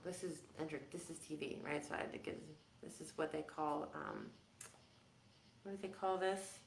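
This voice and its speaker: A woman's voice: low voice, moderate pace, creaky, echoey room, a little hiss or hum. A woman hosting a casual livestream, musing aloud in a rambling, self-interrupting way. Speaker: host.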